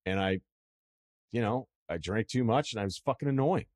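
A man's voice: fairly low pitch, expressive, moderate pace, a little mellow, no echo, clean studio sound. A middle-aged man hosting a podcast, telling a rambling, profane, self-deprecating story in casual chat. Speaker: podcast host.

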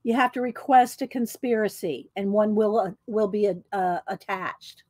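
A woman hosting a casual craft livestream, chatting to viewers by name with frequent ums and throat clearing. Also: medium pitch, normal speed, darkish tone.

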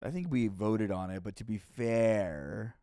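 Brief: man podcast co-host, sarcastic and jokey, clear resonant voice, dry close mic. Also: on the low side, unhurried, mellow, no echo. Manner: joking, sarcastic. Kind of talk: casual podcast chat.

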